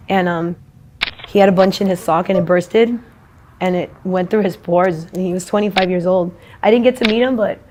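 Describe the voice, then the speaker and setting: Woman interviewee, rambling blunt talker who swears a lot, noisy street recording behind her. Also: lowish voice.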